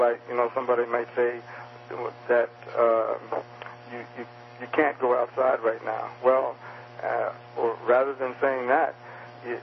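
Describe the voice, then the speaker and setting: A man's voice: mid-range voice, creaky. A man is interviewed as an author and explains communication skills. He speaks hesitantly, often stopping and restarting his sentences. The recording sounds dull and muffled, with a faint hum beneath it. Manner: hesitant, many restarts and fillers. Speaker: author and guest.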